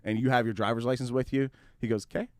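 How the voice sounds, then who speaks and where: A man hosting a radio talk show, telling a long story in a casual, animated way, swearing freely and acting out both sides of the conversation. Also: mid-range voice, quick pace, dry recording, studio quality. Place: studio.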